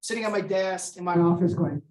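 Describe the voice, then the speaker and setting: A middle-aged man from Hawaii giving a seminar talk, telling a personal story, acting out the dialogue, clearing his throat and adding "right?" as he goes. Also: high-pitched, fairly quick. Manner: animated, acts out quoted dialogue, often clears throat and adds "right?". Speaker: seminar speaker. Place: lecture room. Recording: echoey room, voice far from the mic.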